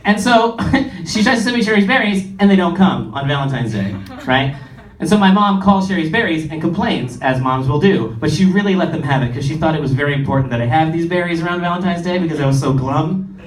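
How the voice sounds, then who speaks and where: Young male stand-up, mid-pitch, very animated; echoey club with a crowd. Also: fairly quick, a little hiss or hum. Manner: animated, swinging between big highs and low asides. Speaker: stand-up comedian. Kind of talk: stand-up comedy set. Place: comedy club stage. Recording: roomy club, distant mic, audience. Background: audience laughter.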